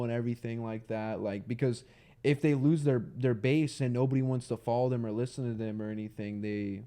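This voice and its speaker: A man's voice: medium pitch, steady tone, fairly quick, dark tone. Rambling young man, casual podcast chat. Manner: rambling, filler-heavy, says "like" a lot. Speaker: podcast co-host.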